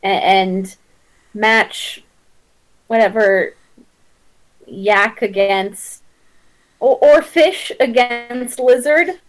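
A woman's voice: on the high side, extremely slow, long pauses, low-quality recording. A woman playing a tabletop game, speaking hesitantly with restarts. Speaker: player. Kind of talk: tabletop chat.

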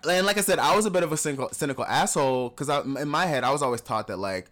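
A man's voice: on the high side, rapid-fire. Candid laughing man telling stories. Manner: candid, laughs often, animated when acting out others. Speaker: podcast co-host. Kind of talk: casual conversational storytelling.

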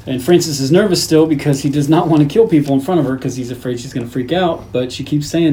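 A man's voice: on the high side, quick pace, a little hiss or hum, poor audio. A man co-hosting a podcast, casually recapping a film and acting out its lines with lots of swearing. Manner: animated retelling, acting out movie lines. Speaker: podcast host. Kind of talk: casual movie recap chat.

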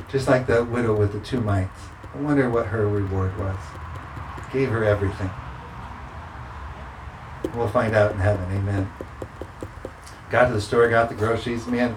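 A man's voice: on the low side, steady tone, normal speed, long pauses, noisy background. A man preaching a sermon as pastor, emphatic and repeating scripture declarations. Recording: roomy sound with faint ambience.

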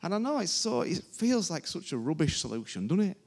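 A man's voice: on the high side, very animated, a little fast, darkish tone, husky. A man preaching a sermon to a congregation in an informal, emphatic way, repeating his phrases. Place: church service before a congregation.

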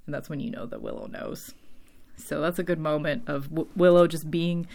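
A woman's voice: low-pitched, animated, moderate pace, gravelly, darkish tone. A woman casually recapping a TV episode, rambling and filling her talk with "like" and "um," her voice tiring from long talking. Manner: rambling, heavy use of "like" and "um".

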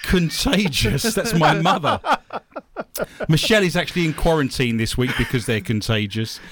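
A man's voice: on the high side, moderate pace, fairly bright tone, slight background noise. A man hosting a comedy quiz show and reading listener mail, with a dry joking delivery and laughing at his own gags.

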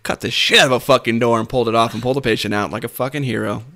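Rapid-fire and forceful, with a bright tone, he speaks in a mid-range voice of fairly even intonation. He's a paramedic and podcast co-host swapping job stories casually, cursing a lot, laughing, and acting out quotes.

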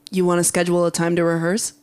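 A woman voicing a reserved young man who speaks flatly and briefly, in a lowered voice. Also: quick pace, clear, resonant tone, natural voice. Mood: guarded.

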